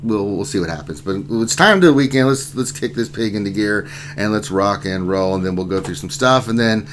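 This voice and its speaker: A man's voice: fairly low pitch, expressive, fairly quick, slight background noise. A man hosting a casual livestream, reading out chat names and greeting viewers one by one. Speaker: livestream host.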